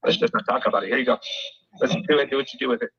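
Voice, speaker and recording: A man's voice: mid-range voice, very animated, rapid-fire, husky, lo-fi sound. A man hosting a livestream, brashly introducing evidence to his viewers and swearing freely. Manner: brash and profane. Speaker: stream host. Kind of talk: casual livestream commentary.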